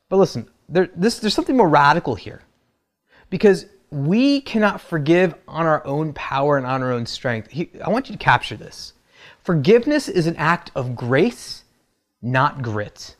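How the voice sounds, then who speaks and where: A man's voice: on the high side, sing-song, normal speed. A man preaching a sermon, who retells the story in a casual, humorous way. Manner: conversational and humorous, acts out quotes. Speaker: pastor.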